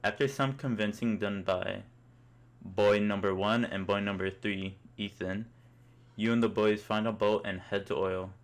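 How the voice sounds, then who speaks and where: A man's voice: fairly low pitch, fairly even intonation, unhurried. A young man narrating a comic story in the second person, in an amused, mock-epic way.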